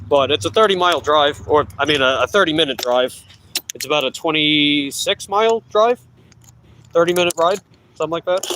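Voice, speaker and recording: Bright-voiced Long Island man. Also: a little high, fairly quick, a little hiss or hum, low-quality recording. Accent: Long Island New York. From Long Island, New York. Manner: rambling, self-correcting. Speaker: delivery rider vlogger. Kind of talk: casual chat answering live viewers.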